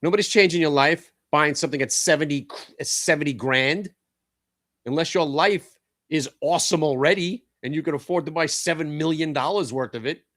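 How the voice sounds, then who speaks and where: A man hosting a live stock trading show, talking bluntly and excitably as he trades, swearing at the market. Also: on the high side, a little fast, dry recording, studio quality.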